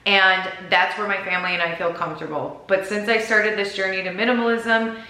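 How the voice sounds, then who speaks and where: A woman's voice: mid-range voice, steady tone, a little fast, sharp tone, roomy sound, rough recording. A woman from Minnesota with a Minnesota accent, chatting and rambling to camera in a vlog, giggling at herself. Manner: rambling, giggly, self-deprecating. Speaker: vlogger.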